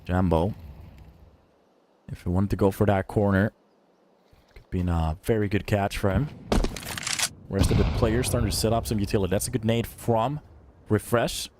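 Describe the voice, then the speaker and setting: A man giving solo play-by-play commentary on a live esports match. He chats with viewers between calls and breaks into loud, excited shouts on big plays. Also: lowish voice, normal speed, pauses often. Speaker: esports caster. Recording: streamed commentary with steady background noise.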